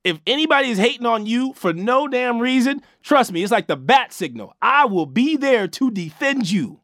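A man's voice: very high-pitched, expressive, moderate pace, a bit bright, no echo, clean studio sound. A man hosting a sports talk show, giving emphatic, casual opinions with lots of slang and restarts.

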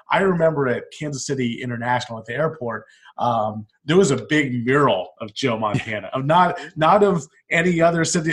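Man, podcast host, casual sports chat, plain conversational delivery. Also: mid-range voice.

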